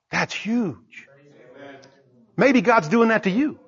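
A man preaching a sermon, emphatic and repetitive, swinging between soft asides and loud exclamations. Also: sits high, expressive, slow, long pauses, husky, highs cut off.

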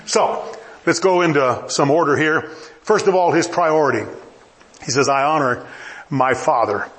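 A man preaching a sermon, acting out dialogue and dropping humorous asides. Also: a little slow. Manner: animated, acts out dialogue with rising pitch and humorous asides.

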